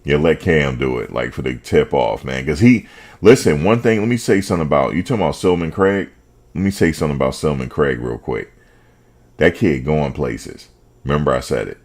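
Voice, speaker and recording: A man hosting a fan show, talking football in a casual, animated way, full of slang and repetition. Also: extremely low pitch, brisk. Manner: animated, repeats himself, slangy.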